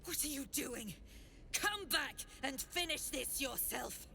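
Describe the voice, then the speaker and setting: A commanding fantasy-game matriarch with a gravelly, bright edge to her voice. She speaks slowly and imperiously, and her pitch swings widely as she presses her demands. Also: expressive, a little hiss or hum, exaggerated voice. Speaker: game character.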